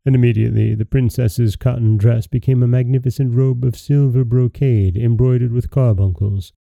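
A man hosting a podcast, narrating a fairy tale in a calm, even storybook way, on a dry, dull lo-fi recording. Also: mid-range voice, moderate pace, creaky, no echo.

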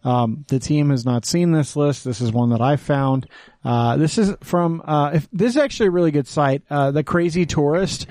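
A man's voice: a little high, moderate pace, a little mellow, no room sound. A man co-hosting a podcast in casual chat, joking and swearing freely, with plenty of fillers as he leads the segments. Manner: joking, profane, filler-heavy. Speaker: podcast co-host leading segments.

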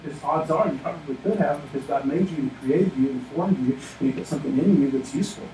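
A man's voice: fairly high pitch, quick pace, mellow, a little hiss or hum. A man preaching a sermon as a pastor, emphatic and earnest, often speaking a biblical figure's lines in first person. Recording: echoey room, mic at a distance.

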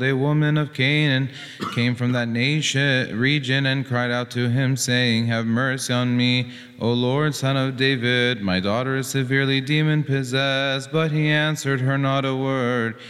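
Man, gospel reader, reverent even reading, long church echo. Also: mid-range voice, normal speed. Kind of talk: scripture reading.

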